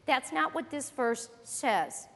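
Woman, preacher, high voice, earnest sermon, echoing hall. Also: lively intonation, slow, fairly bright tone. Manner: earnest, emphatic Bible teaching, reading scripture aloud. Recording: long reverb of a large hall.

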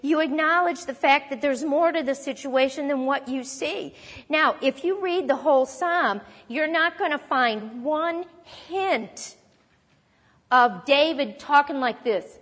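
A woman teaching a sermon on a psalm, expressive and lively, acting out quoted lines. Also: high voice, a little slow, long reverb tail. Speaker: Bible teacher.

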